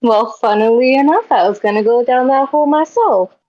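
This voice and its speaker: A woman's voice: on the high side, fairly quick, mellow, lo-fi sound, natural voice. A woman voicing a young female archer, apologetic and eager to join in.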